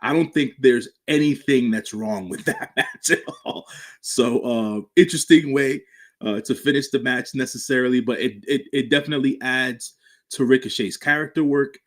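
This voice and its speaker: A man co-hosting a wrestling podcast, speaking in a measured way that is full of fillers and restarts. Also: mid-range voice. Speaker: podcast co-host. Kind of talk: casual wrestling podcast chat.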